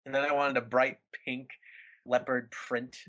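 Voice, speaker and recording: A young man co-hosting a casual podcast in a mid-pitched voice. He is hyper and playful, with a goofy sense of humor. The recording sounds muffled and lo-fi. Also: level tone, unhurried, bright, forceful tone. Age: young adult. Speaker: podcast co-host. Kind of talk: casual chat. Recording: dull lo-fi podcast audio.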